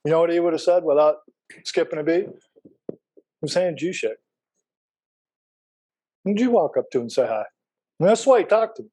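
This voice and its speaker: A middle-aged man leads a Bible class, talking casually and drifting into personal stories while he tosses questions to the room. His voice sits a little high but has a dark, mellow tone. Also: big pitch swings, fast talker, rough recording. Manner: folksy, anecdotal, asks the class questions.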